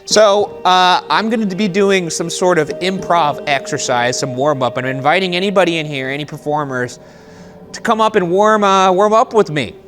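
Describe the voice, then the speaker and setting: Man, ghost hunting host, dark old theater, mock-angry taunting, faint music underneath. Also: sits high, normal speed. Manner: mock-angry improv yelling at a ghost, then apologetic. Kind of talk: casual ghost hunting commentary.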